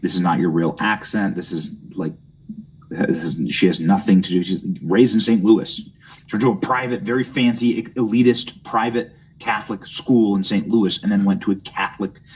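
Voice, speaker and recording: A man's voice: sits low, darkish tone, slight background noise, low-quality recording. A young man hosting a political commentary show, reading news aloud with mocking, snide asides.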